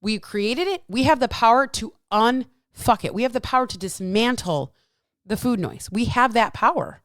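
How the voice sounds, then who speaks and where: A woman's voice: fairly high pitch, lively intonation, normal speed, fairly bright tone, dry recording, studio quality. A woman, a fitness coach hosting a solo podcast, talking bluntly with lots of swearing and emphatic repeats. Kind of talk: casual solo podcast talk.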